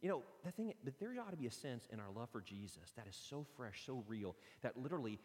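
A man preaching a sermon, telling lively personal stories and acting them out. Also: mid-range voice, a little fast. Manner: animated storytelling, acts out his own stories. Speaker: pastor. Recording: long hall reverb.

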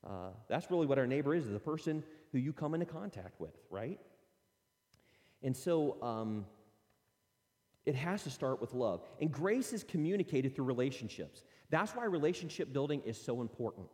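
Warm-toned and mid-range, this middle-aged man's voice swings widely in pitch as he speaks at a moderate pace. Addressing parents in an earnest, conversational teaching talk, he acts out what parents and children say, and the sound carries a long reverb.

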